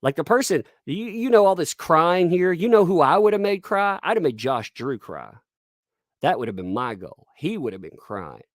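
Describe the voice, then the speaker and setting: A man's voice: sing-song, normal speed, dry recording, clean studio sound. A man hosting a live stream, commentating sarcastically, reading chat and laughing often. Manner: puts on squeaky mocking voices when quoting people.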